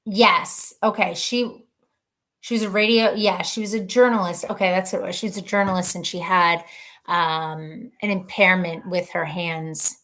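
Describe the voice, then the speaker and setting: A woman hosting a casual live stream, reading viewer comments aloud in a chatty, rambling way, laughing often and thinking out loud. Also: fairly low pitch, steady tone, normal speed. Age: adult mother of children.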